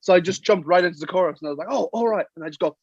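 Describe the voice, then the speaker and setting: A young Irish man telling lively anecdotes as a guest on a casual podcast, acting out the quotes in his stories. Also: on the high side, rapid-fire, dull audio, noisy background. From Sligo, Ireland. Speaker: guest, professional rugby player.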